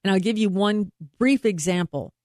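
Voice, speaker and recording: An earnest, emphatic woman speaking as an investigator being interviewed. Her voice sits at an ordinary middle pitch. The sound is dry and close, with no room around it. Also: moderate pace, darkish tone, dry recording. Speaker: private investigator and guest. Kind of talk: interview conversation.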